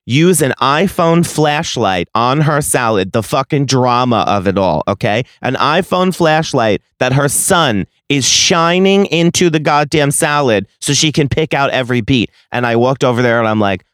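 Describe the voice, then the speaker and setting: A man's voice: medium pitch, lively intonation, normal speed, few pauses, fairly bright tone, clear, resonant tone, dry recording, clean studio sound. Profane, ranting man in his late twenties. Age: late 20s. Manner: profane, exasperated ranting with heavy sarcasm. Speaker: podcast host. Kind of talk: solo podcast storytelling.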